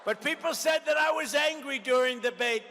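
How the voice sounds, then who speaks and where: A man's voice: extremely high pitch, a little fast. Combative older man at a rally. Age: 70s. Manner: combative, repetitive, mocking. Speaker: political candidate. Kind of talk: campaign rally speech. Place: large rally venue. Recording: long arena reverb, faint background noise.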